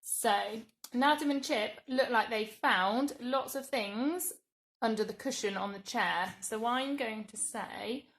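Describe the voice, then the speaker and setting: English female primary teacher, measured and clear, drawing out example words; higher voice. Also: a bit bright. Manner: slow, clear, patient explaining with drawn-out example words. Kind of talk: recorded grammar lesson for young children.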